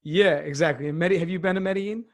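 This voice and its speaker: A man in his thirties explaining things in a relaxed, filler-heavy way during casual podcast talk. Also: on the high side, fast talker, no room sound, clean studio sound. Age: 30s. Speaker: podcast host. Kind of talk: casual conversation.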